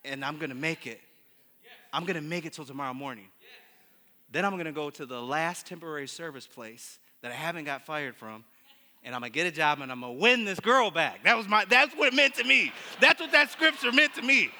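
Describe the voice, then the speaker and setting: Male preacher giving a testimony sermon: high, piercing voice, halting retelling that builds to emphatic preaching, heard with hall reverb. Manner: storytelling, with many restarts and repeated words; swings from hushed to emphatic preaching. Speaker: pastor.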